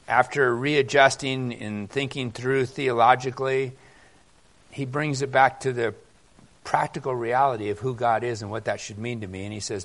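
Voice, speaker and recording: A man's voice: medium pitch, fairly even intonation, normal speed, a bit bright. A male pastor preaching a conversational sermon and reading Scripture with animation.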